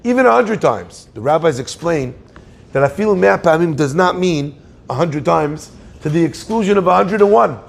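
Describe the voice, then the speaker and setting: Gravelly high-voiced man teaching a Torah class. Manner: lively, joking asides to the audience. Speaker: rabbi giving a Torah class. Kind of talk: sermon.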